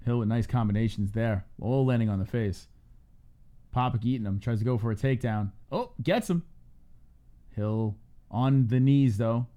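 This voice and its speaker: A man hosting a live fight reaction stream, calling the action play-by-play with casual swearing and shouting when a fight ends. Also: medium pitch, normal speed, lo-fi sound. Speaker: host.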